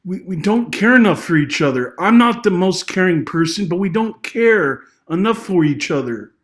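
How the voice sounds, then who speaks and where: A man's voice: high voice, expressive, normal speed. Agitated, rambling man with a raised voice. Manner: emotional and rambling, with many restarts and apologies; agitated, voice rising when angry. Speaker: vlogger giving social commentary. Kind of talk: unscripted personal monologue.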